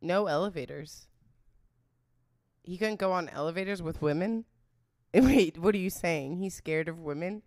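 A young woman hosting a casual livestream, loud and laughing, swearing often as she chats to her viewers. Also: on the low side, unhurried, long pauses. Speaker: livestream host.

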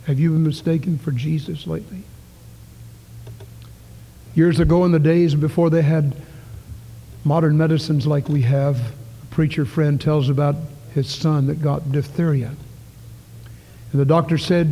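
A man preaching a sermon, telling stories earnestly and swinging between calls and hushed near-whispers. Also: a little high, little pitch movement, moderate pace, long pauses, a little hiss or hum. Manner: earnest storytelling, rising to calls then dropping to near whispers. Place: church sanctuary. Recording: long church reverb.

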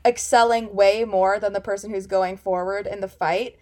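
A woman's voice: mid-range voice, steady tone, moderate pace, darkish tone. A woman co-hosting a podcast, chatting casually in a giggly, rambling, eager way. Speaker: podcast co-host.

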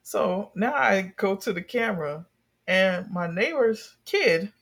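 A young adult in a casual chat, telling a story with lively energy and plenty of swearing. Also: mid-range voice, takes it slowly, gravelly. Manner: animated storyteller, swears freely.

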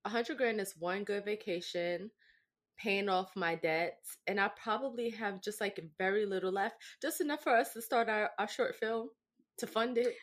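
A young adult woman co-hosting a podcast, telling stories in a lively, profane, casual way and often asking "right?". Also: mid-range voice, normal speed. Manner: animated, profane storytelling with lots of "right?". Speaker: podcast co-host. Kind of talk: casual chat.

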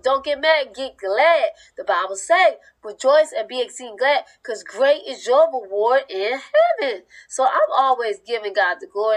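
A woman's voice: a little high, low-quality recording. A woman preaching with a fervent, emphatic cadence and informal speech. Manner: informal speech with dropped verb endings. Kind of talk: sermon-style teaching.

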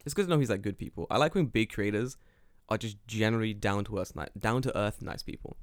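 A man's voice: lowish voice, quick pace, no room sound, studio quality. A young man co-hosting a podcast, telling stories with lots of swearing and acting out both sides of each conversation. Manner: animated storyteller, acts out dialogue, swears often. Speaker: podcast co-host. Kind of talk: casual podcast chat. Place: lives in Japan.

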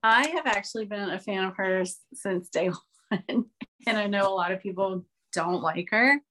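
A woman co-hosting a relaxed podcast. She mostly agrees with her partner in short, easy replies, and adds her own opinions now and then. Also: mid-range voice, moderate pace, slight background noise. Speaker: podcast co-host. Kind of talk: casual chat about reality TV.

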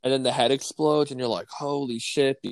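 Rambling, relaxed podcast co-host man. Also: mid-range voice, fast, no room sound. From American Midwest. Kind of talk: casual chat.

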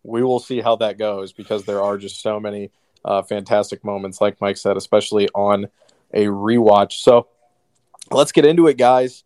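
Upbeat podcast host, low male voice. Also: moderate pace, no echo, studio quality. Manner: upbeat, energetic show opener. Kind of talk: casual podcast chat.

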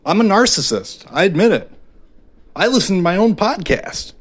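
A man's voice: high voice, big pitch swings, moderate pace, slightly rough. A man hosting his own podcast, talking alone in a frank, rambling way with constant swearing and fillers, often mocking himself. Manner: self-deprecating and frank. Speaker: podcast host. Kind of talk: confessional solo podcast monologue.

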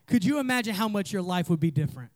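A man's voice: high voice, lively intonation, quick pace. A man preaching a passionate youth sermon, leading call-and-response from the room. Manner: passionate, rising to near-shouts with call-and-response. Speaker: youth pastor. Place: meeting room in a trailer.

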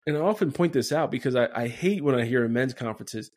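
A man hosting a spiritual podcast in a relaxed, conversational way. His voice sits at a middle pitch, and he keeps checking in with his listeners by asking "right?". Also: quick pace. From Denver area, USA. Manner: casual, conversational, many "right?" tags. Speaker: podcast host. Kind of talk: Catholic reflection podcast.

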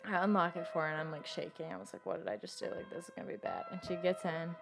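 A young woman telling her own story in casual chat, filling nearly every phrase with "like" and swinging between loud and hushed. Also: lowish voice, very animated, fast, vocal fry, music in the background.

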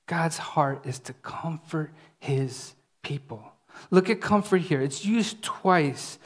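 A preacher giving a conversational sermon, often checking in with the listeners and dropping to a soft, hushed voice when reading scripture. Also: medium pitch. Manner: conversational, often asks "right?".

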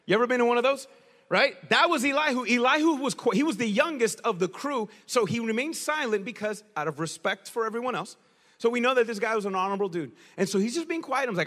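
A man preaching a sermon in a casual, slangy, animated storytelling way. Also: extremely high pitch, fast, long reverb tail.

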